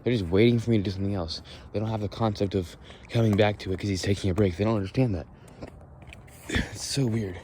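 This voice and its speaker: A young man talks his way through a walk-and-talk podcast with a low, mellow voice. He rambles bluntly, curses freely and restarts his sentences. Faint outdoor street noise sits behind him. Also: steady tone, fast. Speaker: podcast host. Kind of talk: casual walk-and-talk monologue.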